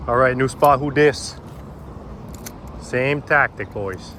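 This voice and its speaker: A man's voice: mid-range voice, slow, fairly bright tone, a little hiss or hum. A man talking casually to his viewers while fishing outdoors on a river bank. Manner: chatty and informal, addressing viewers as "boys". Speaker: fishing vlogger. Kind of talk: casual vlog commentary.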